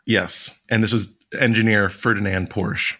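A man's voice: on the low side, little pitch movement, a little slow, sharp tone. A man in his thirties running a casual trivia podcast round, rambling a bit and laughing often. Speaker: trivia quizmaster.

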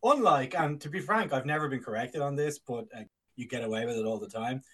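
A man's voice: medium pitch, brisk, sharp tone, slightly rough. A man co-hosting a casual podcast, joking, laughing often and slipping into silly voices. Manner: jokey, puts on silly voices and accents, laughs a lot. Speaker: podcast co-host. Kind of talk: casual banter.

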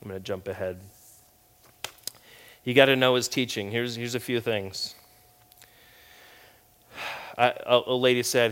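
A man preaching a sermon in a conversational, storytelling way, and his volume swings between loud and quiet. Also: medium pitch, steady tone, unhurried, long pauses, clear, resonant tone. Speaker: pastor.

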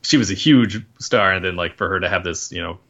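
A man's voice: sits low, fairly quick, a bit bright. A man co-hosting a casual film podcast, rambling and correcting himself as he goes. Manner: rambling, apologetic, self-correcting. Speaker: podcast co-host. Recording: slightly dull, lo-fi sound.

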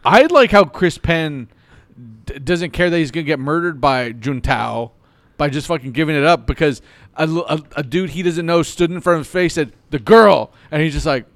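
A young man co-hosting a podcast, chatting about movies in a rambling, halting way full of restarts. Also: on the high side, no room sound. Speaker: podcast co-host. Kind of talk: casual movie chat.

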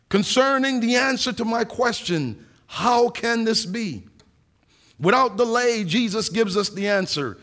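Man, pastor, high voice, earnest sermon, rhetorical questions, scripture reading. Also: very animated, a bit bright. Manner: reads scripture aloud, slowing for emphasis.

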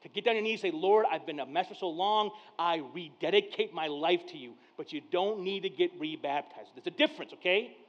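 High-voiced animated man preaching. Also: fairly quick, hardly any pauses. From Mexican heritage. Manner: conversational storyteller, acts out dialogue, swings from hushed to loud. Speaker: pastor. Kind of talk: sermon with personal stories. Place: church service. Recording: dull lo-fi sound.

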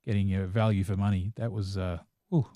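A man's voice: low voice, fairly even intonation, a little fast, mellow, no room sound, studio quality. A man with a New Zealand accent, co-hosting a casual chat about films and shows, talking in a rambling, enthusiastic way full of restarts and fillers. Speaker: podcast co-host.

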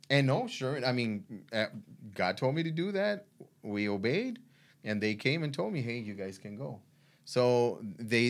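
A man, telling his faith testimony in a halting way, full of restarts and fillers. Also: medium pitch. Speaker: guest sharing a faith testimony. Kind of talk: conversational storytelling.

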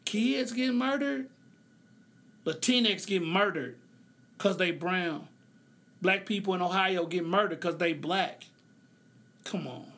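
Alone at the mic, this podcast host preaches with passion, stretching out his phrases, then loosens up to joke and laugh often. Emotion overtakes him and he tears up. His voice sits high with a fairly bright tone.

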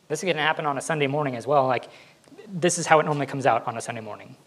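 A man's voice: medium pitch, very fast, rough recording. A male pastor giving a conversational sermon, laughing now and then and acting out what his kids say. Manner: conversational, laughs often, acts out kids' voices.

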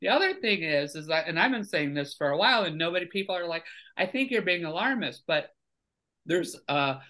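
A man's voice: a little high, expressive, a little fast, pushed and bright. A man as a podcast guest, arguing his points emphatically in casual conversation. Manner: emphatic, argumentative, lecturing.

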